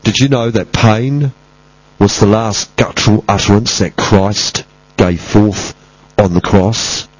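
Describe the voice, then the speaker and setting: Male preacher, husky tone, emphatic and repetitive delivery, muffled lo-fi recording. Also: lowish voice, steady tone, slow pace. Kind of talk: sermon.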